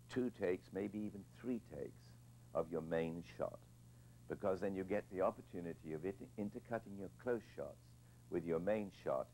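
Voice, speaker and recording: An older man with a very low, gravelly voice recounts stories from his directing career. He pauses and repeats words as he searches for them. His delivery is reflective and unhurried. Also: darkish tone, a little hiss or hum, poor audio. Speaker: film director interviewee. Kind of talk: reflective anecdote telling.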